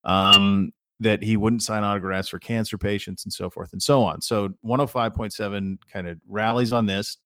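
A man's voice: fairly low pitch, fairly bright tone, no room sound, studio quality. A middle-aged man co-hosting a podcast in casual chat, a rambling storyteller who often restarts his sentences. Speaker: podcast co-host.

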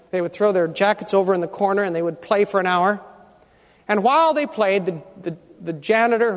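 A man preaching a sermon as pastor, emphatic, rising to loud climaxes, in a church sanctuary. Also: sits high. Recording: long reverb of a large church hall.

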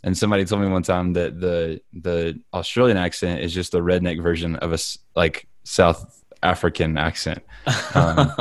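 A man's voice: low-pitched, flat delivery, moderate pace, dry recording, studio quality. A young adult man co-hosting a podcast, telling stories in a playful, rambling way. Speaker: podcast co-host. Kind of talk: casual podcast chat.

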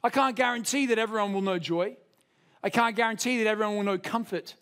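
A young man preaches a sermon in a high, animated voice. He tells personal stories with self-deprecating humor, speeding up and then slowing for emphasis. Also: clean tone. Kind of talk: sermon with storytelling.

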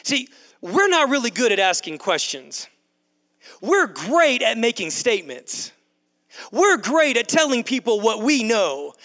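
A man delivers a sermon in a high, bright voice. He stacks emphatic, repeated phrases and talks straight to the crowd. A long reverb from the big hall trails behind every sentence. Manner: repetitive emphatic preaching, addresses crowd as guys. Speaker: pastor. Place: large church hall. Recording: long echo of a large hall.

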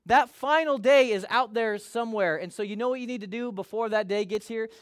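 High-voiced preaching pastor, man. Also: fast. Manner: conversational preaching, acts out quoted voices. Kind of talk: sermon.

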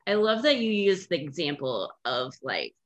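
A woman's voice: sits low, sing-song, moderate pace. A woman hosting a podcast, chatting casually and telling stories with enthusiasm. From Indiana, USA. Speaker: podcast host. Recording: dull, muffled sound.

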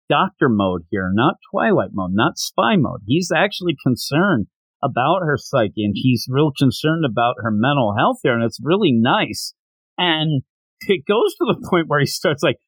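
A man hosting a podcast, casually recapping a manga chapter and acting out the characters' lines with lively shifts of pitch. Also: no room sound, poor audio. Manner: animated retelling with acted-out quotes. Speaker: podcast host.

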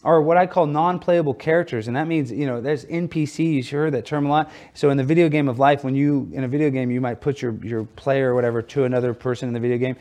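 A man as an interview guest, telling stories in an animated, joking way. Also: medium pitch, fast talker, few pauses. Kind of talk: casual interview talk.

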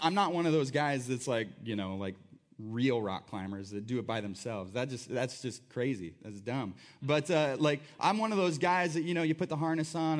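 A man preaching a sermon in a conversational, animated way, acting out voices as he tells the story. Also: a little high. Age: adult. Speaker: pastor.

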